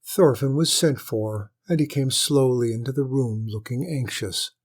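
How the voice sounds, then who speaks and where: A man reading a children's storybook aloud as narrator, in a measured, steady manner. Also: medium pitch.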